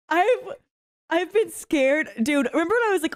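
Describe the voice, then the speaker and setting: A woman's voice: extremely high pitch, expressive, measured pace. A woman hosting a reaction video, giggly and jumpy, exclaiming and swearing as she comments.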